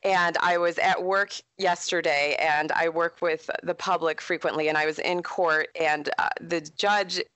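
A woman, an author and historian speaking as a guest in a casual interview, chatty and animated as she tells stories. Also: on the low side, measured pace, hardly any pauses, clear, resonant tone, no room sound. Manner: chatty, animated storyteller with frequent laughs.

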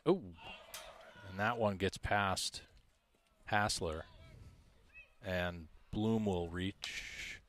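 Male play-by-play caller for school baseball, slow and steady, low register, reads numbers. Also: slight background noise. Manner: measured, stat-heavy, self-deprecating asides. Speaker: play-by-play announcer. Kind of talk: high school baseball commentary.

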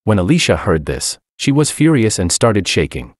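A man with a deep voice tells a first-person story in scripted narration. His delivery is even, with lively rises and falls, and the sound is dry and close. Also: moderate pace, few pauses, dry recording.

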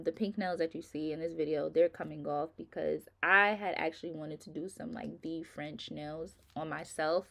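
Middle-aged woman, casual vlogger, tired and rambling, fairly low voice. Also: gravelly. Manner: chatty, rambling, informal, addresses viewers as y'all. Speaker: nail vlogger. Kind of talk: casual chat to viewers.

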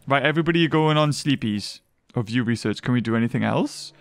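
A young man commentating on his gameplay in a chatty, excitable way. His voice sits a little high and jumps around with lots of lively intonation. He often thinks aloud as he plays. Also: a little fast, no echo, soft background music. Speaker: gaming video host.

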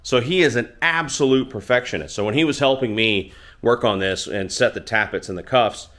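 A middle-aged man speaks at an ordinary mid pitch, chatting casually from his home garage. He tells a long, rambling story and pokes fun at himself as he goes. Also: a little fast, fairly bright tone. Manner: self-deprecating, rambling. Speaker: motorcycle channel host.

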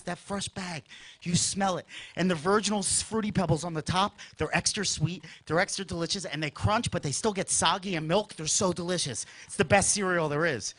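A man performing a stand-up comedy routine, telling a childhood story and acting out characters with sudden shouts. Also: high voice.

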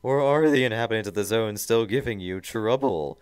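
A man voicing a blustering male mad-scientist villain in a hammy, loud reading of a fan story. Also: on the low side, unhurried, smooth, no room sound, clean studio sound, pitched above the performer's own voice, natural voice. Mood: ranting.

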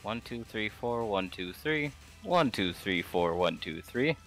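A man's voice: fairly low pitch, lively intonation, unhurried, a bit bright, faint music behind. A man co-hosting a game stream, laughing and bantering casually. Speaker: stream co-host. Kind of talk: casual gaming chat.

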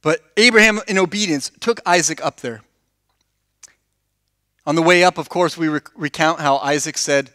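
Pastor guy preaching, high bright voice, acts out the story, keeps asking the church stuff, dry close sound. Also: normal speed, dry recording. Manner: animated storytelling, acts out quoted dialogue; asks the congregation questions. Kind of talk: conversational sermon.

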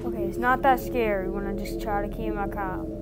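A woman playing a horror game and reacting aloud, panicky, gasping and shouting in fright. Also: mid-range voice, fairly even intonation, fairly quick, very noisy. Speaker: gamer.

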